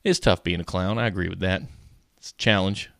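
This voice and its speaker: A man co-hosting a podcast, chatting in a lively, opinionated way. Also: low-pitched, a little fast, creaky, dry recording, studio quality. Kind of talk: casual chat.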